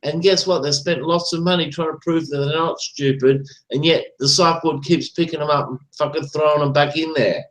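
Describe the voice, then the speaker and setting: A man's voice: on the high side, steady tone, normal speed, few pauses, fairly bright tone. A man hosting a live chat stream, ranting in a rambling, profane, repetitive way. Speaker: livestream host. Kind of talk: ranting casual talk. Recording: roomy echo.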